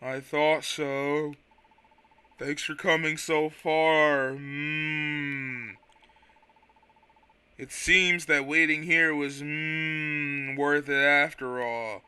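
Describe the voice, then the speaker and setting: A sleepy creature drawls out each word, stopping to hum "hmm" between phrases, as a man puts the voice on for a game. The voice sits low and soft for the speaker, and it is slow and unhurried. There is a faint brightness still in the tone. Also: steady tone, smooth, heavily acted. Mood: drowsy. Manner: very slow drawl with long humming pauses. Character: slow, drowsy male Quagsire land keeper. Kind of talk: voice acting while reading game dialogue.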